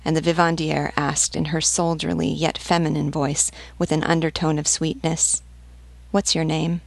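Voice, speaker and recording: Lady teacher reading a classic novel out loud, low gravelly voice, dry close sound. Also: flat delivery, moderate pace, no room sound. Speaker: literature teacher reading aloud.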